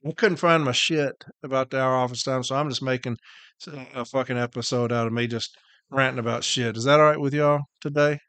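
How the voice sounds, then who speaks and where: This man speaks in a mid-range voice with fairly even intonation, brisk and a bit bright, clean and free of echo. He's a podcast host and union representative on a casual rant, blunt, heated and profane, worn out and annoyed, driving his points in through repetition.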